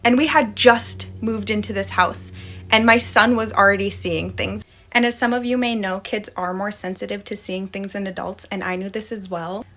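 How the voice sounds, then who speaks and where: A woman's voice: mid-range voice, steady tone, brisk, a bit bright. A woman in her thirties telling a scary personal story in a casual, dramatic way, acting out her own panic. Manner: dramatic, acts out her panic and quotes her toddler.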